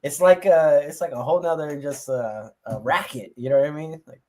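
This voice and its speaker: A man's voice: on the high side, a little fast, warm tone, a little hiss or hum. A man hosting a fantasy football watch party, talking casually, profanely and jokingly with a friend.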